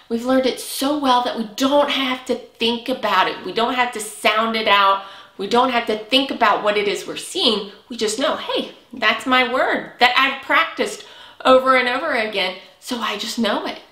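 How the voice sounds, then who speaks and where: A woman teaching a preschool reading lesson, speaking cheerfully with drawn-out words and lots of praise. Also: sits high, pushed and bright. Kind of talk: slow, sing-song lesson for young children. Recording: echoey room.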